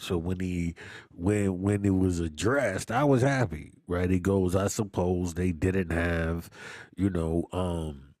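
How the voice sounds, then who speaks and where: A man's voice: sits low, darkish tone, dry recording, clean studio sound. A man casually reviewing a movie, with a loose, slangy way of talking, repeating himself and often laughing. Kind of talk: casual chat.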